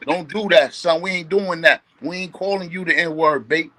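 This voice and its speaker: A man, a guest on a livestream, loudly teasing and roasting another guest with streetwise banter. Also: on the high side, normal speed, slight background noise. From Brooklyn. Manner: loud, teasing, says "B" often.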